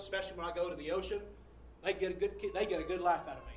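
High-voiced preacher in an echoey church. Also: male voice, far from the mic, slight background noise. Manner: reads quotes slowly and loudly, preaching cadence. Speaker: pastor. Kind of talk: sermon. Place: church sanctuary.

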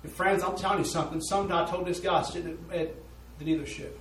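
A man's voice: high-pitched, fairly even intonation, fast, slight background noise. A man preaching a sermon, telling a story in an earnest, folksy way. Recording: roomy echo, voice from a distance.

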